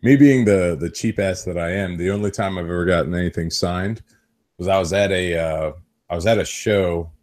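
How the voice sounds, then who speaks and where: A man's voice: low voice, normal speed, a little mellow. A man in his thirties telling rambling stories on a podcast, swearing freely. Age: 30s. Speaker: podcast host. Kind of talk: casual chat.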